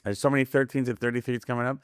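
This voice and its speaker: A man rambles through stories on a podcast, jumping between tangents and mimicking the people he quotes. His pitch sits in the middle range. The recording is close and dry. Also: rapid-fire, smooth, no echo. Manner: rambling, animated, acts out quoted voices. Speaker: podcast guest. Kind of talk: casual conspiracy podcast chat.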